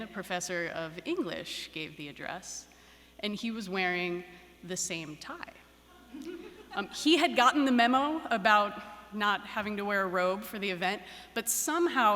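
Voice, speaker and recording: A woman's voice: mid-range voice, sharp tone, slight background noise. A woman professor giving a ceremony address, telling an anecdote with fillers and restarts, then leading a guided meditation. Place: large hall at a ceremony. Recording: echoey hall.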